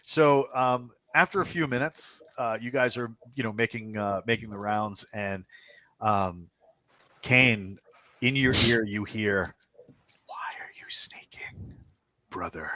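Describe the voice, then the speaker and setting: A man's voice: medium pitch, a little slow. Laid-back man running a tabletop game. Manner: relaxed, many fillers, laughs often. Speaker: game master. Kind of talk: narrating a tabletop game on a stream.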